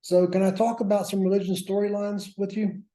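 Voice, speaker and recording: A man's voice: sits high, flat delivery, a little fast, warm tone. A man teaching a workshop class, lecturing with wry, self-mocking asides. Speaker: workshop instructor. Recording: roomy echo.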